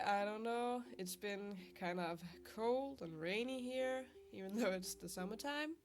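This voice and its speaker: A woman's voice: medium pitch, expressive, a little slow, few pauses. Sick young woman chatting over guitar. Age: young adult. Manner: chatty, self-deprecating, laughs often. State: sick, congested voice. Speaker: art vlogger. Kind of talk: casual voice-over while drawing. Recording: faint guitar music behind. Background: soft guitar music.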